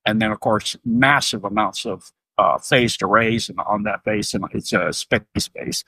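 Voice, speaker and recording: A man's voice: fairly low pitch, measured pace, slightly rough, no room sound. A middle-aged man, a retired Navy submariner, telling stories as a podcast guest, acting out dialogue and chuckling often. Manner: animated, acts out dialogue in raised voices, chuckles often. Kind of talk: casual storytelling interview.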